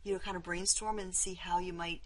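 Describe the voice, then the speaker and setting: Woman in a role-play answering her friend, bright voice. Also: fairly low pitch, flat delivery, brisk. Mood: sympathetic.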